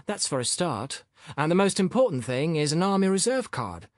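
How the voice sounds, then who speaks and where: A man's voice: fairly high pitch, big pitch swings, normal speed, dry recording, clean studio sound, voice pushed up. A man putting on a cocky, boorish young upstart. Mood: self-righteous. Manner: cocky, indignant, sullen.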